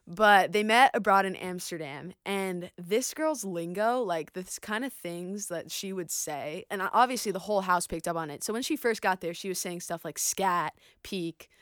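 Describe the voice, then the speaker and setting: Young woman co-host, casual storyteller, smooth clear tone, slightly low pitch, dry close mic. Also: normal speed, hardly any pauses, fairly bright tone, no echo. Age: young adult. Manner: chatty storytelling, laughs easily. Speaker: podcast co-host. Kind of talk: casual chat.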